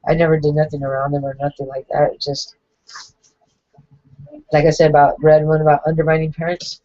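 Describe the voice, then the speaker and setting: A woman in her forties, crying as she gives a halting, emotional confessional monologue to camera. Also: low-pitched, flat delivery, dark tone, dry recording. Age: 40s. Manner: halting, emotional, many restarts. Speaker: vlogger. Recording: dull lo-fi home recording.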